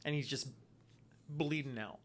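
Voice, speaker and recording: A man's voice: mid-range voice, measured pace. A man narrating as the game master of a tabletop role-playing game, telling the story loosely and casually.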